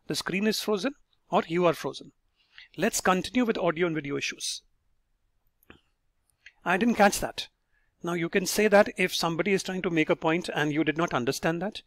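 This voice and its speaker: A man teaching an online lesson, explaining and repeating example phrases slowly. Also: on the high side, a bit bright, no room sound, clean studio sound. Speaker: English teacher.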